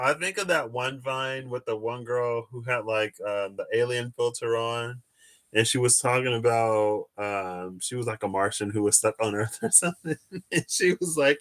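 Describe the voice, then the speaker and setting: A man's voice: mid-range voice, normal speed, fairly bright tone. A man hosting a live tarot stream, chatting casually and answering viewers' questions as he wanders through his thoughts.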